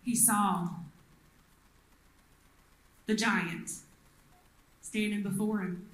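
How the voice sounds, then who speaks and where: A woman's voice: medium pitch, steady tone, extremely slow, slight background noise. Woman preaching in an echoey room. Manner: storytelling, acts out the quoted people. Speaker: pastor. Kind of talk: sermon.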